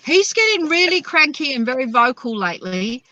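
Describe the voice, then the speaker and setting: A woman's voice: sits high, normal speed, lo-fi sound. A woman, rambling through stories as a podcast host. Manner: rambling, animated storyteller. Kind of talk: casual chat.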